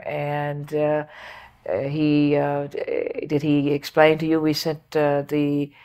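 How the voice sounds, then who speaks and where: An older woman in an oral history interview, recounting a personal memory in an unhurried, reflective way with frequent pauses and fillers. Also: low-pitched, vocal fry, a little mellow.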